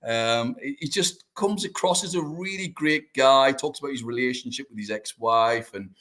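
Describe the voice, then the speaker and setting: A man's voice: medium pitch, normal speed, sharp tone. A man, hosting a podcast and telling anecdotes with enthusiasm. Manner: enthusiastic, anecdotal, laughs often. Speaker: podcast host. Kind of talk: casual chat.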